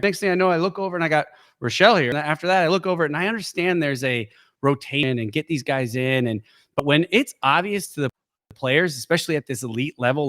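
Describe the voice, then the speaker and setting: A middle-aged man co-hosting a sports podcast in casual chat, an animated storyteller who jumps into high voices to act out quotes. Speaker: podcast co-host.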